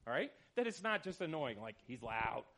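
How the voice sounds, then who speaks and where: A man leading a church study discussion, animated and questioning, calling on people by name. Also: a little high, fast. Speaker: church study group leader.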